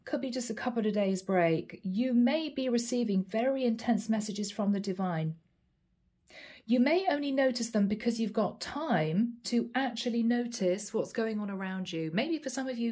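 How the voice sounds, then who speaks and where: A woman giving a channeled tarot reading, earnest and emotional, with frequent soft exclamations. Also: on the high side. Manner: earnest, repetitive spiritual phrasing. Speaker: tarot reader.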